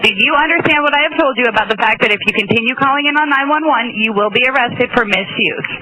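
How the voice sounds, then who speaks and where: A woman's voice: fairly high pitch, fast. A woman working as an emergency dispatcher, firm and stern, repeating her warnings to a caller. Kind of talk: emergency call. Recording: noisy archival phone call recording.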